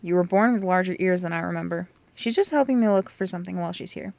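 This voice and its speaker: A woman's voice: fairly low pitch, quick pace, gravelly, a little mellow, no room sound. A woman voicing a grim, terse middle-aged mother in a casual book reading.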